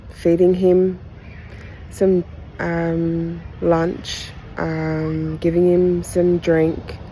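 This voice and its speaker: Low, slow-talking woman telling her story. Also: warm tone, a little hiss or hum, poor audio. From Australia. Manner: candid, heartfelt retelling; halting, pauses between phrases. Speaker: podcast host. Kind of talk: personal storytelling podcast.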